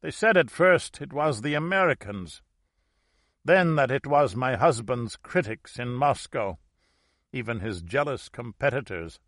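A man reading aloud and voicing a sharp-tongued, dying 85-year-old Russian grandmother who speaks urgently. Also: medium pitch, lively intonation, a little slow, no echo, studio quality.

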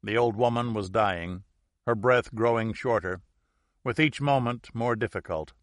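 A man narrating an audiobook in a measured, deliberate storytelling manner. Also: on the low side, no room sound.

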